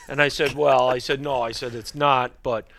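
A man's voice: mid-range voice, fairly even intonation, moderate pace, gravelly, a bit bright, dry recording, studio quality. A middle-aged man, a hockey equipment manager, telling rambling stories as a podcast guest and dropping his voice to quote other people. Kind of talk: casual storytelling chat.

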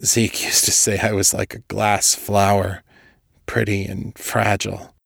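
A man voicing a frail, sickly young man who rasps and whispers in short, halting, strained phrases. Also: fairly low pitch, little pitch movement, fairly bright tone, dry recording, studio quality, full character voice. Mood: weak. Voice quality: raspy, breathy whisper. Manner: strained, halting, forced through the teeth.

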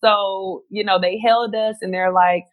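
A woman telling a story in casual chat, animated and quick, acting out what other people said. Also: mid-range voice, dry recording, narrow, tinny audio.

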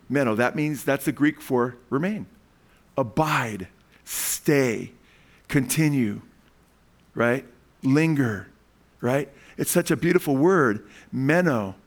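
A man preaching a sermon in a church, speaking into an amplified microphone with animated, emphatic questions to the congregation. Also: fairly high pitch. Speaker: pastor. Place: church sanctuary.

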